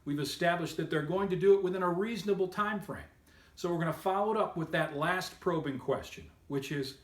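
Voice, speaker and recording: A man with a high voice, speaking a little fast, gives an upbeat, emphatic sales training lesson to camera, coaching listeners on method. The sound is roomy.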